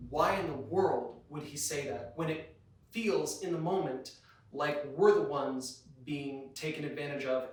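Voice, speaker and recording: A man's voice: a little high, a bit bright. A man preaching to a youth group, earnest and direct, asking the listeners many questions. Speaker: youth pastor. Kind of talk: youth sermon. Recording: very echoey room, voice from a distance.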